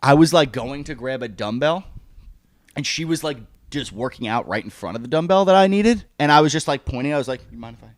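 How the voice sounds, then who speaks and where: Animated young man telling stories. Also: mid-range voice, fairly quick, no echo. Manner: animated storyteller, acts out quotes. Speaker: podcast co-host. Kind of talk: casual chat.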